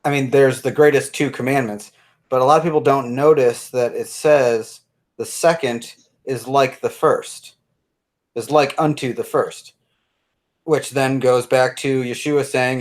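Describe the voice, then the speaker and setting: A man's voice: medium pitch, fairly even intonation, a little slow. Reflective man in a faith talk. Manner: reflective, repeats words while searching. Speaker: guest. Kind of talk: casual faith discussion.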